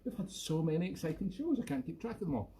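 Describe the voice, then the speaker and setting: Playful Scottish man, lively voice. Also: a little high, fast talker, slight background noise. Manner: playful, jokey and self-mocking. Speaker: accordion player hosting a weekly live show. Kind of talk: casual chat between tunes. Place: at home.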